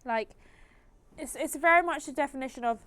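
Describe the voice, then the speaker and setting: A woman's voice: sits high, brisk, a bit bright. A young woman streaming a video game and chatting casually, opinionated and rambling with frequent asides. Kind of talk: casual live-stream chat while gaming.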